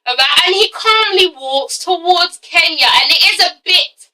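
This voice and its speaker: A woman reviewing a TV episode in a casual vlog, animated and swearing freely, often breaking into laughter. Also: very high voice, a little slow, recorded from a distance, poor audio. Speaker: TV show reviewer.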